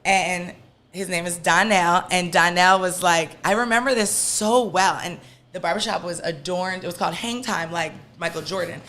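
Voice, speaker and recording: A woman guest on a podcast, telling a story from her childhood in a lively way and acting out the voices of the people in it. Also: lowish voice, normal speed. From Washington, D.C. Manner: lively, animated storyteller, acts out quoted voices. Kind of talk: casual storytelling interview.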